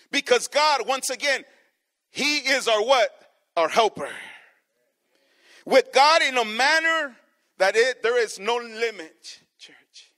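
A man preaching a sermon to his congregation, swinging from soft, low passages to loud, emphatic ones. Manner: addresses the congregation as church. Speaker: pastor.

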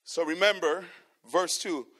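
A man preaching a sermon to his congregation, swinging from soft, low passages to loud, emphatic ones. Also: steady tone, measured pace. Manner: addresses the congregation as church. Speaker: pastor.

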